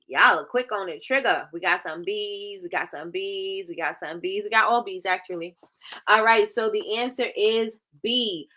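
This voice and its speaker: A woman's voice: mid-range voice, sharp tone. A woman hosting a livestream, quizzing viewers in a chatty, casual teaching manner, with plenty of "y'all" and "you know". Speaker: livestream host. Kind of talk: casual live-chat teaching.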